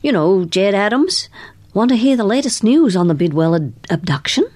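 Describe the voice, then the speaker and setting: A woman's voice: medium pitch, expressive, moderate pace, a little mellow, pitched above the performer's own voice, natural voice. A woman voicing a chatty male office worker who relishes passing on gossip. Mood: gossipy.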